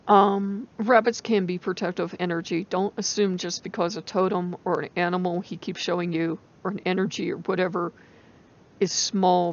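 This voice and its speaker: A woman with a rural American country accent, rambling and animated in a casual spiritual vlog, laughing often. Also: fairly low pitch, creaky. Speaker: channel host. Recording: dull lo-fi recording.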